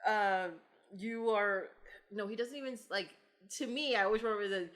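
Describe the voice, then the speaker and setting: A woman's voice: medium pitch, normal speed, fairly bright tone. A chatty woman hosting a casual podcast about films, her voice sitting in an ordinary middle range. She laughs easily and drops into mock voices when quoting lines. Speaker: podcast host. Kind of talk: casual film chat.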